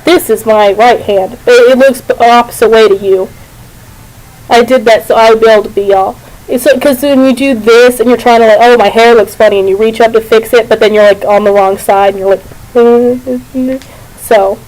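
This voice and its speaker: Young female vlogger, chatty and rambling, a touch high-pitched, talking into a home webcam. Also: fairly even intonation, moderate pace, a little mellow, low-quality recording. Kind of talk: casual rambling chat to camera. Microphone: camera on a computer.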